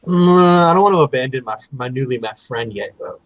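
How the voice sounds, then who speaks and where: A man's voice: medium pitch, animated, fairly quick, no echo, highs cut off. A man playing a tabletop game, talking casually with lots of fillers and eager calls to act. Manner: hesitant, filler-heavy, eager. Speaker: player.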